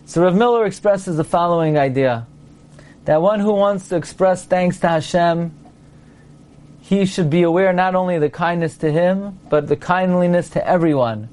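A man's voice: high voice, normal speed, darkish tone. A man teaching a class on prayer and grammar, playful and quizzing, sounding out examples as he explains. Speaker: Torah teacher. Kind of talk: lecture to a class.

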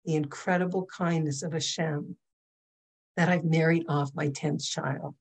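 A woman voicing an older man who weeps with gratitude, speaking low, slow and hushed. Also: completely flat delivery, creaky. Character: weeping older man, grateful father of ten.

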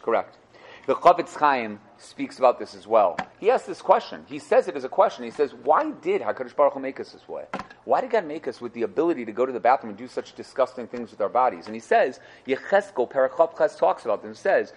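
Here a husky, sing-song male voice in the mid range rattles along quickly while teaching Torah. It's animated classroom explanation, with rhetorical questions and recurring phrases used to lay out the sources for students.

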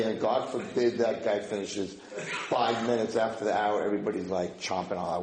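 A man giving an informal Torah class in English, mixing in Hebrew and Yiddish terms and breaking into loud acted-out shouting. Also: lowish voice, normal speed. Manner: animated, acts out shouting students. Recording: echoey room, faint noise.

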